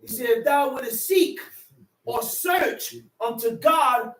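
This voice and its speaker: High-voiced preacher shouting in an echoey hall. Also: male voice. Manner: impassioned, shouting bursts, drawn-out definitions; casual street speech, calls listeners "man". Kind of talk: sermon. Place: worship hall. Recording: echoey room, mic far off.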